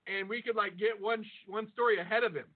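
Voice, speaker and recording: A man co-hosting a podcast in excitable, profane casual banter, laughing often. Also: high voice, fast. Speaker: podcast co-host. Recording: phone-like lo-fi audio.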